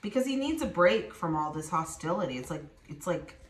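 A woman's voice: lowish voice, big pitch swings, fairly quick. A woman giving a spoken tarot reading to her viewers, addressing them directly and acting out the voices she quotes. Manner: acts out quoted voices, talks straight to viewers. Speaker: tarot reader. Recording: echoey room.

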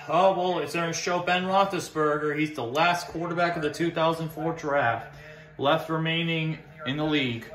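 A man reacting live to a sports draft pick, swearing constantly and repeating himself as he pleads and then shouts. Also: fairly high pitch, a little slow, echoey room, soft background music. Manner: profane, anxious pleading turning to wild shouting joy.

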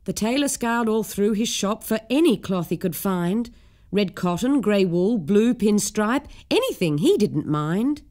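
A woman's voice: mid-range voice, animated, unhurried, darkish tone. A woman reads a rhyming storybook for children aloud. Her delivery is lilting and rhythmic, the way a bedtime tale is told. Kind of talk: children's story narration in rhyme.

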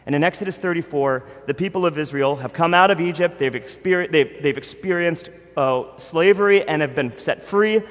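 A man's voice: fairly high pitch, moderate pace, hardly any pauses. Male pastor preaching in a reverberant church. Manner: conversational preaching with casual asides and fillers. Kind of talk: sermon. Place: church sanctuary. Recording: long church hall reverb.

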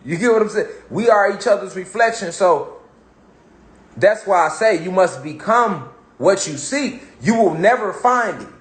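A man's voice: high-pitched, expressive, a little slow. A man giving a casual motivational monologue on spirituality, talking in street slang and repeating phrases for emphasis. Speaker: spiritual talk host. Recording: echoey room.

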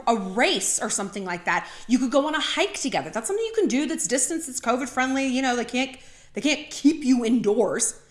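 Talkative woman host giving dating tips, fairly high voice, roomy room sound. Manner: talkative, heavy use of "like", animated asides. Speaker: vlogger giving dating advice. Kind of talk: casual chatty monologue. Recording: roomy echo.

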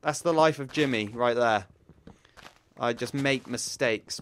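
A man's voice: mid-range voice, measured pace, long pauses, a bit bright, no room sound, clean studio sound. A young man giving playful Minecraft let's-play commentary, repeating phrases in a sing-song way. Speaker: gaming YouTuber.

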